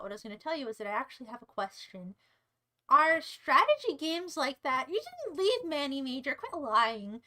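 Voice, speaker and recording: A woman's voice: sits high, sharp tone, low-quality recording. A young American woman streaming live, chatting with her viewers in a playful, teasing, rambling way. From United States. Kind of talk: casual livestream chat to viewers.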